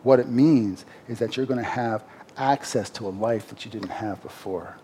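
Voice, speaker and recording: A man's voice: medium pitch, normal speed, mellow, slight background noise. A man preaching a sermon, explaining a Bible passage in a conversational way and rising emphatically when he reads the verses.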